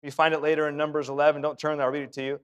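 A man's voice: fairly high pitch, level tone, very fast, clean tone. A man preaching a sermon in a church, emphatic and given to repeating phrases for effect. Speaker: pastor.

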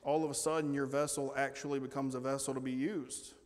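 A male pastor preaching a lively sermon. He shifts from loud, excited bragging about God to quiet, joking asides with the congregation. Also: mid-range voice, brisk. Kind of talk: energetic sermon. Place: church sanctuary. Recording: long church reverb.

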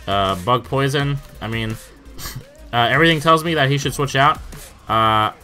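A young man talks over his own gameplay in a bright, forward voice, swearing freely and tripping over his words whenever the match turns against him. Faint game music runs behind him. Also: mid-range voice, unhurried. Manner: swears often, stammers in bursts, exclaims in disbelief. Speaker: gaming YouTuber. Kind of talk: casual live commentary over gameplay.

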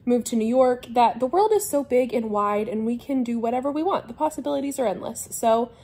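A woman's voice: fairly high pitch, animated, fairly quick, dark tone, breathy edge. A young adult woman chatting casually to camera from her couch at home, rambling and a little scattered as she shares house updates. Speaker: vlogger. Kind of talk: casual vlog chat. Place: home living room couch.

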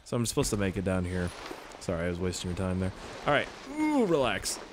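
Let's-play guy, lively and swearing, over a loud, noisy game-audio backdrop. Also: low voice, fairly quick. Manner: excitable, swears a lot, laughs at own jokes. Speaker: gaming YouTuber.

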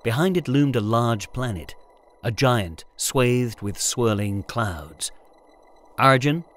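A man reading a space adventure story aloud in a smooth, measured storytelling manner. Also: mid-range voice, expressive. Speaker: narrator. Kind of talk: scripted audiobook narration.

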